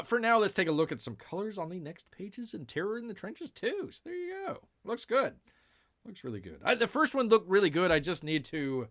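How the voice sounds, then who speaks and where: Guy rambling thru his live stream, kinda high voice that swings all over, talks about himself in third person. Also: fairly bright tone. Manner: drawn-out "ay, ay, ay" sighs and mumbled asides. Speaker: show host. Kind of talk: live-stream news chat.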